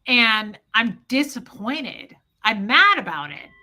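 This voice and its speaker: A woman hosting a livestream, talking emotionally to her viewers and swinging between yelling and quiet reflection. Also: fairly high pitch, very animated, takes it slowly. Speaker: livestream host.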